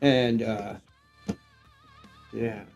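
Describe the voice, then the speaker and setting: A middle-aged man who is getting drunk, chatting loosely on a livestream, rambling, swearing and breaking into excited shouts. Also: fairly low pitch, extremely slow, creaky, faint music behind. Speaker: live stream co-host. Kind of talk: casual livestream chat.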